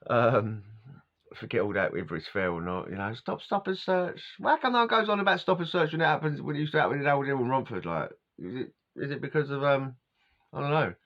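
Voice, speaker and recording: A man's voice: mid-range voice, very animated, a little fast. Rambling man with lo-fi sound. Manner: rambling, slangy, chuckles often. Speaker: vlogger telling a life story. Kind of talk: casual storytelling monologue. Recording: dull lo-fi sound.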